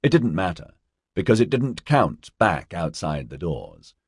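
A man reading a story aloud as an audiobook narrator, steady, lightly voicing the characters' dialogue. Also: sits low, measured pace, breathy edge, dry recording, studio quality. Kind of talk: scripted narration.

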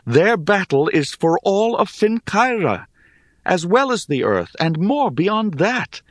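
A man's voice: sits high, very animated, takes it slowly, no echo, clean studio sound, pitched above the performer's own voice, exaggerated voice. A man voicing an earnest young hero who speaks urgently and insistently.

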